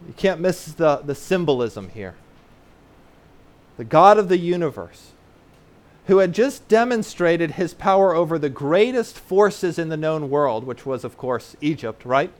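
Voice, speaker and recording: Preaching with earnest, teaching warmth, this pastor has a fairly high voice for a man. He relies on fillers and rhetorical "right?" tags, expressively slowing down to explain big words plainly for the children in the congregation.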